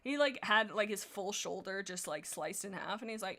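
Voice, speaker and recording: A woman streamer reading fan fiction aloud, breaking off often for excitable, laughing commentary. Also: mid-range voice, normal speed, hardly any pauses.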